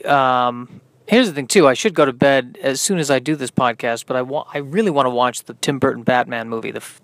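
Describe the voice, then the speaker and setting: A tired man, a comedian, hosting his own podcast in a rambling, halting, self-deprecating monologue. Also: medium pitch, fairly bright tone, no room sound. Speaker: podcast host and stand-up comedian.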